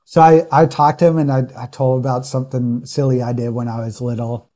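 A man's voice: medium pitch, flat delivery, quick pace, mellow. Earnest male pastor telling a story. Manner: earnest, reflective, with frequent restarts. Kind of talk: casual interview storytelling.

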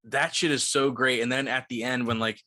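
A tipsy man chatting on a podcast, bright and forceful, with a dry close sound. He retells a story in an excited ramble full of fillers and curses. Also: mid-range voice, fairly quick, no room sound. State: tipsy from liquor. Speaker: podcast co-host. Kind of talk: casual movie-recap chat.

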